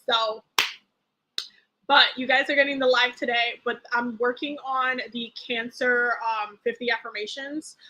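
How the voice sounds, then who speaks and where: A high-pitched woman talks through a live tarot reading in a loose, chatty way. She rambles with many fillers and restarts, and she acts out the feelings she describes in an animated way. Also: dull audio. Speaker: tarot reader.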